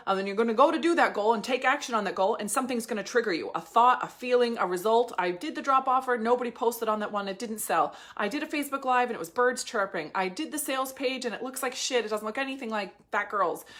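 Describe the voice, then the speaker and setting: A woman in her thirties leading a live business coaching session, blunt and profane, talking fast with lots of energy. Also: medium pitch, fairly bright tone.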